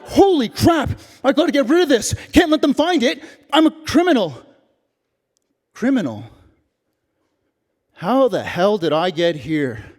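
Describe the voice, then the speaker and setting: A male stage performer from Canada delivering a dramatic one-man monologue in an animated way. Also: very high-pitched, a little slow, pauses often, in a large hall. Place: theater stage.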